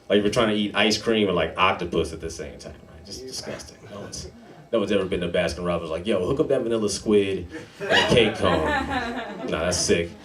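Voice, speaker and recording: A man in his thirties doing a stand-up comedy set in a club, with a laid-back, slangy delivery and deadpan dark jokes. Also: on the low side. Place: comedy club with a live audience. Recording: heavy noise behind a live club set.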